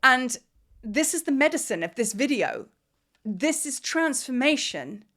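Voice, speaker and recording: A woman's voice: high-pitched, big pitch swings, measured pace, fairly bright tone. A woman spiritual teacher talking casually to her camera at home, rambling and heartfelt, holding back tears. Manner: rambling, heartfelt, trying not to cry. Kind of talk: casual vlog talk to camera. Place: at home in Cape Town.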